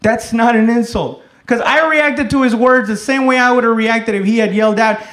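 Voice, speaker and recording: A man doing a stand-up comedy set, telling loud, profane stories and shouting some bits. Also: very high voice, fairly even intonation, fairly quick. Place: comedy club stage with a laughing audience. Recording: echoey room, noisy live audience.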